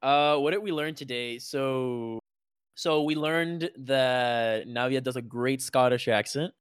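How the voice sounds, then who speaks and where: A man's voice: mid-range voice, slow, smooth, no room sound, studio quality. A man from Puerto Rico co-hosting a podcast, telling anecdotes in a rambling, filler-heavy way. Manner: rambling, many fillers and restarts. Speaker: podcast co-host. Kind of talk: casual chat, storytelling.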